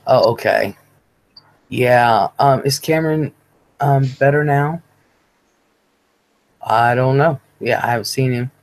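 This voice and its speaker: A livestream host from Ohio, a woman in her forties, talks slowly with frequent pauses in an extremely low-pitched voice. It's casual chatter mixed with reading her viewers' comments aloud.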